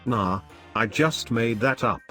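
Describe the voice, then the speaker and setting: A man's voice: mid-range voice, slow, sharp tone, soft background music. A man doing a flippant young woman baker. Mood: offhand. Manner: dry, offhand.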